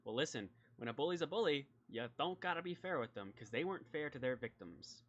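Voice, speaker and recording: A man's voice: mid-range voice, animated, fast, a bit bright, highs cut off. A man voicing a jovial but ruthless small-town sheriff who talks in a folksy drawl and calls everyone pal, in a tabletop game. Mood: stern.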